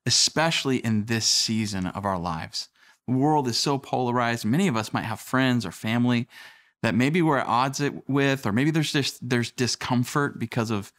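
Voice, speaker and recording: A young adult man preaching a sermon, telling stories in a relaxed, conversational way and acting out quotes. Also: mid-range voice. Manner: conversational storytelling with acted quotes. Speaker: pastor.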